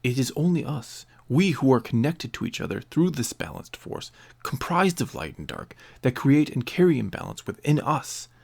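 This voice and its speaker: A man voicing a cold, calm young man who has turned toward darkness in a read-aloud story. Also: mid-range voice, normal speed, creaky, hardly any pauses, voice pushed up.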